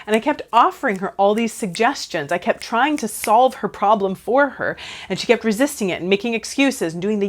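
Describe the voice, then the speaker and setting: Woman in her 30s, counsellor vlog, lively and chatty, talks right at the viewers, mid pitch. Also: brisk. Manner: animated, addresses viewers directly. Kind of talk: casual advice vlog to camera.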